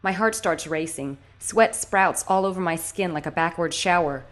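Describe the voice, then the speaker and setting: A woman's voice: fairly low pitch, moderate pace, a bit bright. A woman author narrating her own audiobook in first person, tense and intimate, with anxious bursts. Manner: tense, intimate storytelling with sudden anxious outbursts.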